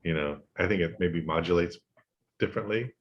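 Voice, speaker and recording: Deep-voiced man, dull lo-fi audio. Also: a little fast. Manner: easygoing, trails off with fillers. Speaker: podcast co-host, musician. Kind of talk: casual chat about music.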